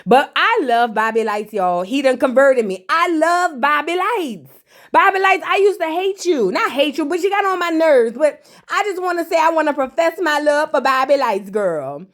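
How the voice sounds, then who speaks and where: A woman with a high, bright-pitched voice and a drawl, talking through a reality show episode like she's chatting with friends. She is sassy and slangy and keeps throwing teasing asides at the viewers. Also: sing-song, normal speed, hardly any pauses. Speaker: reality TV recap host. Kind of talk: casual recap with commentary.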